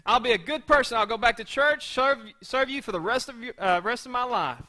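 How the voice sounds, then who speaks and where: A man voicing a panicked man who is hanging from a cliff branch and yelling and pleading for help. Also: sits high, fast.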